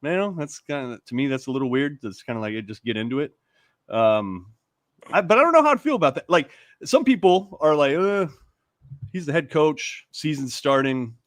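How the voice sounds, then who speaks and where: A man co-hosting a casual sports talk show, animated and rambling, often laughing and restarting his sentences. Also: medium pitch, brisk, no room sound, clean studio sound. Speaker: sports radio co-host.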